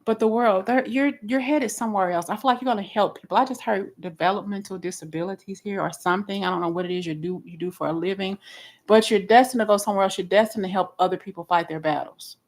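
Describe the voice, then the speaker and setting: A woman giving a live tarot reading in a blunt, expressive way, often restarting her sentences. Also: mid-range voice, fast, low-quality recording. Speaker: tarot reader.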